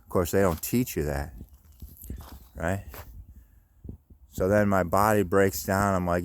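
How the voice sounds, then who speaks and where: A man's voice: low voice, unhurried, long pauses, no echo. A middle-aged man rambling on a phone vlog, swearing often and restarting his sentences. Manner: rambling, profane, lots of restarts and fillers. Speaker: vlogger. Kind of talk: casual rambling monologue. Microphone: handheld phone.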